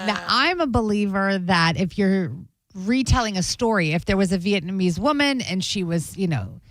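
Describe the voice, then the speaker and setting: A woman co-hosting a radio show, making her point in a reasoned, gently argumentative way. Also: mid-range voice, animated, normal speed, no echo, studio quality. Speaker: radio co-host. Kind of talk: casual radio banter.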